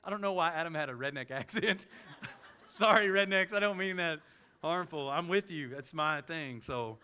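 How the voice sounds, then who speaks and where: A man with a Southern US accent preaching a sermon as pastor, animated, with quick humorous asides. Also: fairly high pitch, clean tone. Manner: animated preaching, with sudden loud jokey voices and soft asides.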